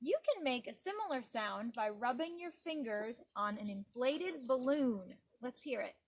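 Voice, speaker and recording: A woman leads a preschool storytime by a garden pond, her high voice swooping up and down as she talks to little kids. A faint hiss of outdoor noise sits behind her. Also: measured pace. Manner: animated, sing-song teacher voice addressing small children. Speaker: children's librarian leading storytime.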